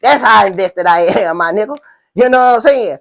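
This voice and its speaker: A man's voice: high voice, expressive, moderate pace, creaky, a bit bright, heavily acted. A man playing a rambling boastful street pimp. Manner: rambling slang, constant "you know what I'm saying". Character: boastful streetwise male pimp in a spoof interview. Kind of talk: comedic parody interview.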